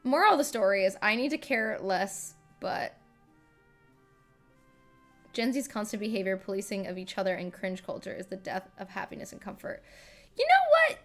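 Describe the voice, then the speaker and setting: Faint music plays behind a woman with a mid-range voice who hosts a livestream at a moderate pace. Casual and rambling, she reads viewers' comments, jokes at her own expense, and fills her speech with fillers.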